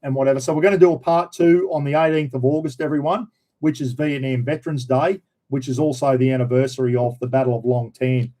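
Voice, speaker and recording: A man's voice: a little high, warm tone. A man with an Australian accent, hosting a casual live chat and reading out viewer comments in a laid-back, chatty way. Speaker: host of a live chat stream.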